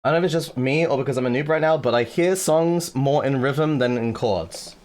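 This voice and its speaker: A man's voice: mid-range voice, a little fast, darkish tone. A man streaming casually and explaining chords in a joking, crude manner, full of swearing and fillers. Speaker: streamer teaching music production. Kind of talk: casual livestream chat.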